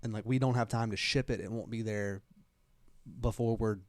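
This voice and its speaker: A man's voice: fairly low pitch, fairly even intonation, moderate pace. A man co-hosting a podcast, telling a long, rambling travel story in casual chat and acting out the quoted dialogue. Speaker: podcast co-host.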